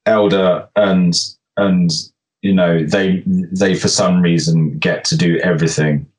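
A man's voice: sits low, little pitch movement, slow, darkish tone. A man co-hosting a casual podcast chat about tabletop game rules, rambling and correcting himself as he jokes. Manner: rambling, self-correcting, jokey. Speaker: podcast co-host.

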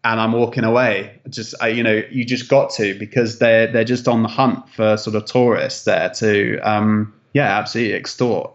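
Rambling man, slightly muffled. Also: medium pitch. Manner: rambling, hesitant, many fillers and restarts. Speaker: travel content creator, guest. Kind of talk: casual interview chat.

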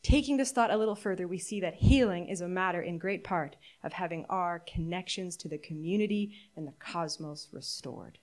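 A middle-aged woman preaching a sermon, earnest and candid, reflective, with halting restarts. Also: on the low side, a little mellow. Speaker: pastor.

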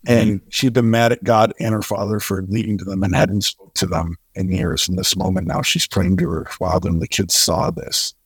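A man guest on an interview show, telling stories in an animated way and acting out the voices of the people in them. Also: normal speed, hardly any pauses, breathy edge, no room sound, clean studio sound. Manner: animated, acts out quoted voices with big pitch jumps. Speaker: charity co-founder, guest. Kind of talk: storytelling in an interview.

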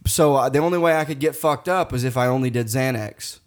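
A man's voice: medium pitch, quick pace. A man telling a rambling, profane story in casual podcast chat, often breaking into laughter.

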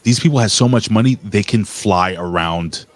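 A man's voice: fairly low pitch, moderate pace, dry recording. A man with a New York accent, co-hosting a stream and telling rambling, profane stories in casual chat. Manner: animated storyteller, profane, rambling. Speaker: stream co-host.

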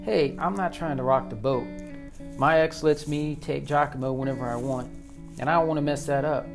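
A man's voice: mid-range voice, normal speed, gravelly, over music, lightly acted. A man doing an intense football coach dad. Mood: dry. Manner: dry, firm; bellows commands on the field. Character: intense male youth football coach and father.

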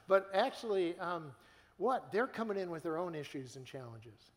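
A man's voice: high voice, lively intonation, normal speed. A man preaching a sermon in an earnest, conversational way, stumbling and restarting as he speaks, heard with church hall reverb. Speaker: guest preacher.

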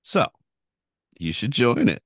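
A man's voice: medium pitch, wildly swooping pitch, slow pace, a bit bright, breathy edge, no echo, clean studio sound. A man hosting a casual podcast, telling crude stories with lots of swearing and laughter. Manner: profane, laughing storyteller. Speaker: podcast host.

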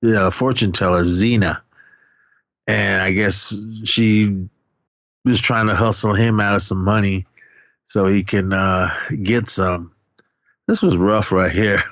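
A man's voice: low-pitched, steady tone, slow, long pauses, fairly bright tone, no echo, muffled recording. A man casually recapping a horror movie with a co-host, rambling and profane, often laughing and acting out lines.

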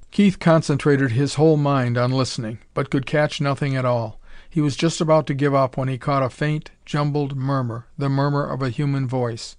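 Steady male audiobook narrator, dry sound. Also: mid-range voice, normal speed, dry recording. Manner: steady storytelling.

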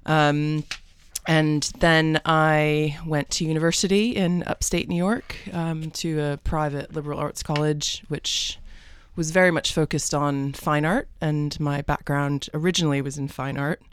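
A woman's voice: low voice, fairly even intonation, unhurried, clear, resonant tone, no room sound. A woman from the United States with a mixed American and British accent, a podcast guest telling her story in a chatty, rambling way with many fillers, in a podcast studio. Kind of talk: conversational interview.

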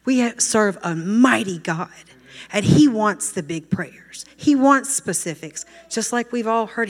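A woman giving a heartfelt spoken testimony at a microphone during a church service. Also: medium pitch. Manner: earnest, heartfelt, fervent. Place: church hall. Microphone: handheld microphone. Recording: long reverb of a church hall.

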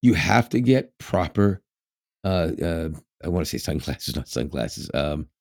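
Low gravelly man chatting casually. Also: expressive, measured pace, no room sound, clean studio sound. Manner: rambling, laughs often, many fillers. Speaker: podcast co-host. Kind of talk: casual chat.

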